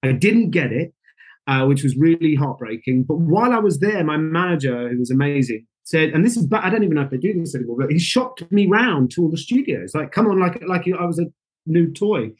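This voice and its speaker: A man in his forties from the UK, a guest actor telling stories in a casual interview, animated and acting out the voices of people he quotes. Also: on the high side, brisk, breathy edge.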